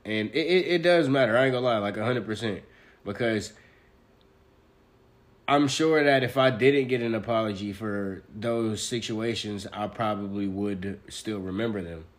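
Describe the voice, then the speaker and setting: A man's voice: lowish voice, moderate pace. Laid-back slangy man, casual chat. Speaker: podcast co-host.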